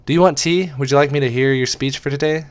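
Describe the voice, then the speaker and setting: A man's voice: mid-range voice, fairly even intonation, quick pace, voice pushed up, close to an everyday voice. A man voicing a nosy, pushy young woman friend who teases bluntly in an audiobook reading. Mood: chirpy. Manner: blunt teasing.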